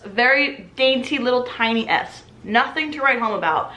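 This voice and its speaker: A young woman in her twenties, a restaurant server, telling a story in a casual, animated way and acting out the voices of customers. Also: sits high, normal speed, hardly any pauses, echoey room.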